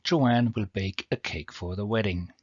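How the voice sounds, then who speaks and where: A man's voice: on the low side, a little slow, darkish tone, husky, no echo. Man with a foreign accent teaching grammar. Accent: non-native English accent. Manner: patient, step-by-step explanation. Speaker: English teacher. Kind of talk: explaining grammar over slides. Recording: dull lo-fi homemade audio.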